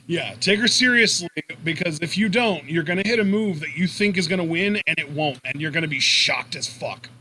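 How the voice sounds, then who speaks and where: A young man co-hosting a live wrestling reaction stream who talks with excitement, laughs often and swears casually. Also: fairly high pitch, a little fast, few pauses, a little hiss or hum.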